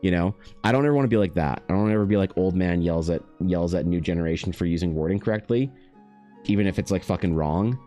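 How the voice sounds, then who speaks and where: A man streaming while he paints, chatting casually in a rambling, profane way, his pitch leaping up now and then. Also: fast, warm tone, soft background music. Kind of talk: casual livestream chat.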